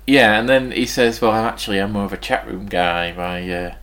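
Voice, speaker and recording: Low-voiced man chatting dryly. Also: fairly quick, fairly bright tone. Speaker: podcast co-host. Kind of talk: casual chat.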